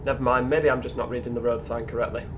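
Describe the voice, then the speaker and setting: Yorkshire man, let's-play host, chatty and musing, average pitch, noticeable background noise. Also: little pitch movement, fast talker. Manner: chatty, muses aloud and talks to other drivers. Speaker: gaming channel host. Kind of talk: casual gameplay commentary.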